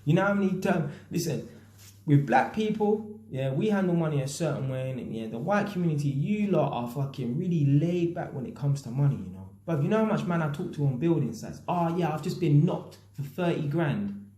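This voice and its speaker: A man's voice: on the high side, animated, a little fast, dark tone, roomy sound. A man with a London accent telling a story in a casual rant, full of slang and swearing, often tagging "yeah?" and "innit". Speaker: vlogger, builder and landlord.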